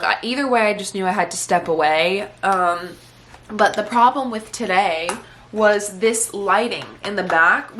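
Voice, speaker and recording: There's slight background noise as a young woman vlogs casually at home about her day. She is a vlogger and podcaster with a medium-pitched, a-bit-bright voice, and her chatty, emotional talk is packed with "like."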